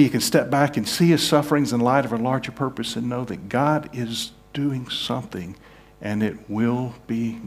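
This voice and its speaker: A man preaching a sermon as pastor, earnest, moving between hushed, slow passages and emphatic, raised ones. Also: mid-range voice. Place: church sanctuary.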